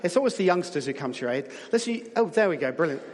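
A man's voice: a little high, lively intonation, rapid-fire. A man preaching to a congregation, chatty and jokey, coaxing people to call out guesses. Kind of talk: lively church talk with audience guessing. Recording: long hall reverb.

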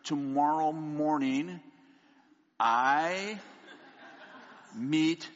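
A man preaching a sermon, telling a funny personal story in an animated way and laughing often. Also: fairly high pitch, measured pace, pauses often. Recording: long hall reverb, dull lo-fi sound.

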